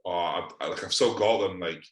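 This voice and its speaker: Scottish guy chatting on a podcast, lowish voice, laughs a lot, swears, roomy sound. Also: brisk. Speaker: podcast co-host. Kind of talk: casual chat.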